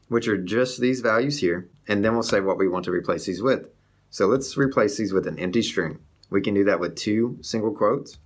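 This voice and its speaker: A young man hosting a coding tutorial, explaining each step of a script in a steady walkthrough over his screen. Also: on the low side.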